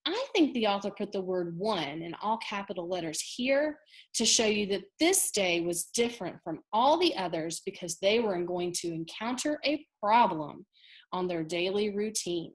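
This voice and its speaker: Lively-voiced woman teacher reading aloud. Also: mid-range voice, moderate pace. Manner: expressive, questioning, child-directed. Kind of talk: read-aloud reading lesson.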